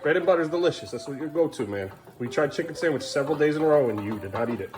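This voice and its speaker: A man's voice: fairly high pitch, lively intonation, rapid-fire, over music. A man filming his family at home, talking in a sing-song voice to his kids and muttering weary asides. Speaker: parent vlogger. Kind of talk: casual family vlog.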